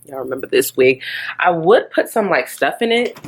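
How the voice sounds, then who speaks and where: A woman's voice: low voice, animated, normal speed, slightly rough. A young woman chatting casually to camera in a vlog, rambling and laughing often. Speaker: beauty vlogger.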